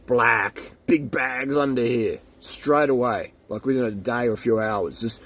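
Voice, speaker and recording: A man's voice: medium pitch, measured pace, very noisy. A man in his forties ranting to camera in a casual, mocking and jokey way, slipping into silly voices for made-up quotes. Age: 40s. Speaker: vlogger.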